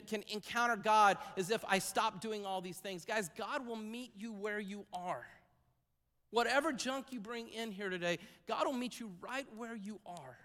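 A man's voice: very high voice, a bit bright, big-room sound. A man preaching a sermon to a church congregation, in a conversational style with asides and repeated phrases. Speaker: pastor. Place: church sanctuary.

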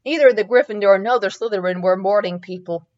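A woman's voice: mid-range voice, brisk, a little mellow, highs cut off. A woman hosting a podcast, reading fan fiction aloud in an amused way, with small stumbles. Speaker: podcast host.

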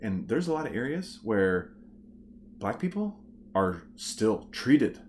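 A man's voice: on the low side, slow pace, slight background noise. A man from the United States hosting a casual political chat, blunt and opinionated. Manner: blunt, opinionated, backs up the guest with steady agreement.

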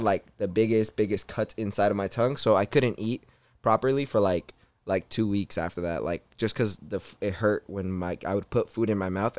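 A young man talks fast and loose in casual chat, cursing freely as he tells a story. His voice sits low and comes through crisp and smooth, with a dry, close sound and no room around it. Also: no echo. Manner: slangy, swearing storyteller.

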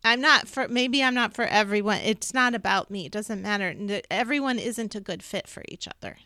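A woman with a smooth, resonant voice chats quickly about spiritual matters, circling back with fillers and restarts. Her voice sits mid-range, recorded close and dry with no room sound. She talks in the casual way of a podcast co-host. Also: medium pitch, pushed and bright, no room sound. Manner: rambling, fast, many fillers and restarts. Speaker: podcast co-host, intuitive reader.

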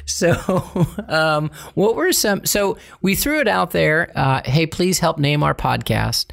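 Gravelly guy cohosting a podcast, jokey and punny, casual chat. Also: on the high side, animated, a bit bright. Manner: joking, playful, quick to pun. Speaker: podcast co-host.

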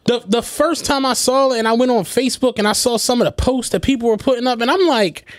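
A man in casual podcast chat, telling profane, animated anecdotes and laughing along. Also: very high voice, quick pace.

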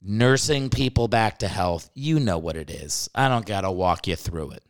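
A man's voice: deep voice, expressive, normal speed. A married man hosting a comedy podcast, ranting with joking asides and casual swearing. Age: adult, married. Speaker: podcast host.

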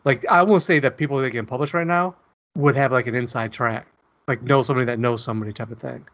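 Fast-talking and a bit bright, this mid-range male voice belongs to a podcast co-host. He wanders through casual banter full of jokes and self-deprecation, recorded in dull lo-fi audio.

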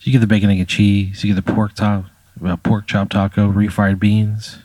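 A man's voice: lowish voice, level tone, normal speed, a little mellow, no room sound. A man spinning an improvised story in a loose, casual way, swearing and saying "like" and "you know" a lot. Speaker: podcast storyteller.

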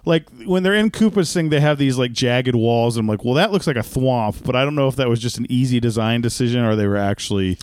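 A man's voice: medium pitch, fast, hardly any pauses, darkish tone, clean tone. A man co-hosting a podcast in casual chat, rambling and restarting as he tells a story. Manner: rambling, self-interrupting storyteller. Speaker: podcast co-host.

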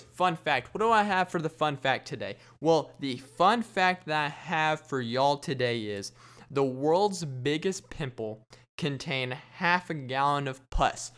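Solo podcast host, young man, boastful and rambling, slightly high voice. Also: fairly bright tone, clear, resonant tone. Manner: boastful, rambling, jokey gross-out banter. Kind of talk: solo comedic podcast monologue.

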